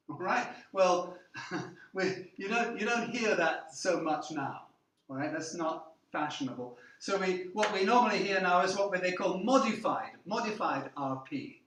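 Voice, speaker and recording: A man's voice: sits high, expressive, unhurried, fairly bright tone, roomy sound. A man in his seventies with an English received pronunciation accent, giving a classroom lecture and often checking in with "okay?". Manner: checks in with "okay?", slips in foreign words. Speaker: university lecturer.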